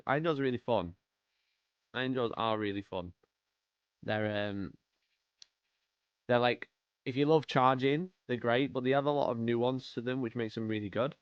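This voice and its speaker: His medium-pitched voice is clear and resonant, moving at a moderate pace and pausing often. He's a British livestream host painting miniatures, chatting casually and greeting viewers by name, recorded with no room sound and the highs cut off.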